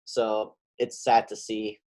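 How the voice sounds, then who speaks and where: A man from a live class explaining his view casually, with lots of ums and pauses. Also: fairly low pitch, little pitch movement, a little mellow, low-quality recording. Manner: hesitant, lots of fillers. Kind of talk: casual talk.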